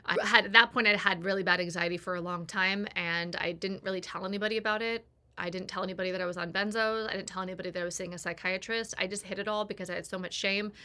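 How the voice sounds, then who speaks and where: A woman in her forties speaks in a bright, clear-edged voice with a middle pitch. She tells a personal story candidly and confessionally, slipping into the voices of the people in it as she goes. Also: fairly even intonation, quick pace. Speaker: personal growth creator.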